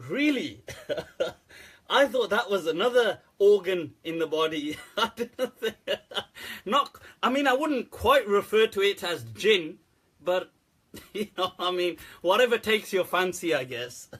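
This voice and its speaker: Male host, live-stream chat, slow and jokey, husky, prone to laughing. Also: high-pitched, animated, fairly bright tone. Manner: laughs a lot, joking and teasing. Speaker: host of a live Islamic Q&A show.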